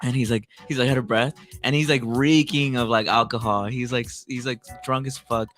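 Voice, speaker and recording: A man's voice: medium pitch, steady tone, fairly quick, a bit bright, faint music behind. A young man hosting a casual podcast, telling stories loosely with many fillers and laughs. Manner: laughs often, rambling storyteller with many fillers. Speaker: podcast host.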